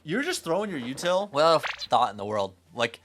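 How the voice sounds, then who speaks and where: A man's voice: on the high side, sing-song, fairly quick, fairly bright tone. A young man giving blunt, profane, teasing critique as he coaches a player over a live stream. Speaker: game coach.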